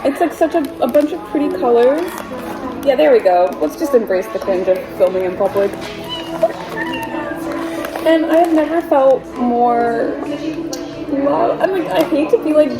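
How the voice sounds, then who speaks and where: A young woman talking casually in a book vlog, chatty and rambling and quick to laugh. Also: sits high, expressive, music in the background. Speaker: book vlogger. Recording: distant mic with background noise.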